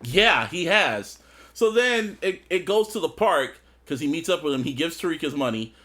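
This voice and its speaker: A lively man co-hosting a casual podcast, his voice sitting high and leaping all over as he retells a TV scene. He slips into quick impressions of the characters. The tone is bright and edgy. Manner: animated, acts out scenes in quoted voices. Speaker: podcast co-host. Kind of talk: casual chat, recapping a TV episode.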